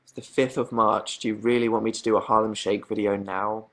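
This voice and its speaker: A man's voice: lowish voice, little pitch movement, a little fast, fairly bright tone. A young man, chatting casually on a livestream as he answers viewer questions, hesitant and self-deprecating.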